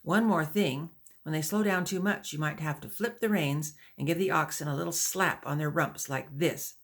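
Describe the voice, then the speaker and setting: A woman's voice: deep voice, normal speed. A woman reading the part of a patient male wagon teamster who instructs pioneer women, in an audiobook. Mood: instructive. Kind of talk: audiobook dialogue.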